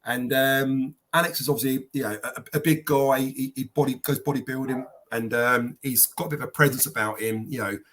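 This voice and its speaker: A man telling animated football anecdotes on a podcast panel, slipping into quoted voices. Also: medium pitch, a little fast, hardly any pauses. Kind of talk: casual storytelling.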